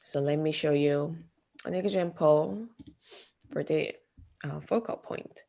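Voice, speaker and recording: A woman giving a classroom art lecture, speaking haltingly with many fillers. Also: low voice, creaky, mellow. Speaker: art instructor.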